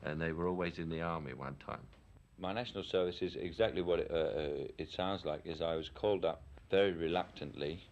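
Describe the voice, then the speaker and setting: Deep-voiced Cockney man speaking frankly. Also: fairly quick, dull audio. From London, England. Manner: frank, opinionated and reflective. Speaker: interviewee. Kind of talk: candid documentary interview.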